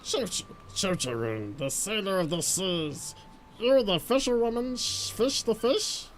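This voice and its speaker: Woman doing Churchuroon, a slow choppy mole creature. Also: mid-range voice, lively intonation, a little hiss or hum, lightly acted, poor audio. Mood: eager. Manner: choppy, repetitive pidgin phrasing. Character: odd mole-like sailor creature, broken speech. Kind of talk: live-streamed game voice acting.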